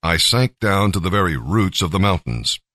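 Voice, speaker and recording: A man's voice: deep voice, big pitch swings, moderate pace, fairly bright tone, no room sound, clean studio sound. A man reading as a penitent runaway prophet. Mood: solemn. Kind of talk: scripted scripture reading.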